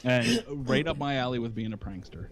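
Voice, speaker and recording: A man's voice: mid-range voice, brisk, crowd noise. A man co-hosting a livestream, teasing and joking in casual chat. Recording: slightly dull lo-fi sound.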